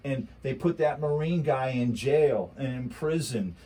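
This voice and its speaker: Husky, ranting man. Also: medium pitch, unhurried, dark tone, poor audio. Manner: ranting, heated, rhetorical repetition; mocking quoted voices. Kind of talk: casual political chat.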